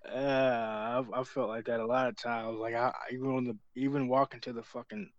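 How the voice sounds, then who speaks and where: A man's voice: mid-range voice, little pitch movement, normal speed, dry recording. Twenty-something guy, swears constantly, casual chat, muffled lo-fi sound. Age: 20s. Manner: blunt, swears a lot. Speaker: wrestler. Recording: dull lo-fi sound.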